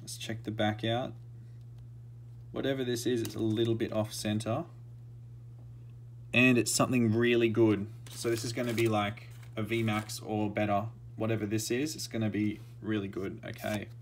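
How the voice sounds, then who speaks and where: A card-opening vlogger murmurs casual running commentary while opening trading card packs, now and then bursting into shouting and laughter. His voice is on the low side and flat, at normal speed, with a little hiss or hum.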